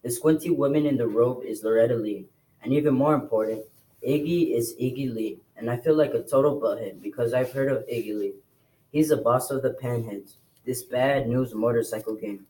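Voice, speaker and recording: A man reading a novel aloud to a class in a plain, steady storytelling voice. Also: medium pitch, normal speed, poor audio. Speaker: reader.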